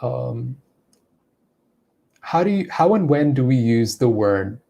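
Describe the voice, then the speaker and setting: A man with a warm, mellow voice runs a live question-and-answer session as an English speech coach. He reads each viewer's question aloud, says it again to himself, and then answers at an easy, unhurried pace. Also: mid-range voice, gravelly, a little hiss or hum. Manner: relaxed, with frequent fillers and restarts.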